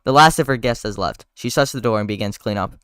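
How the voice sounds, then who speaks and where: A man's voice: fairly low pitch, quick pace, a bit bright, clean tone, no echo, studio quality. A man streamer reading a movie script aloud live, in a casual voice that sometimes stumbles over words.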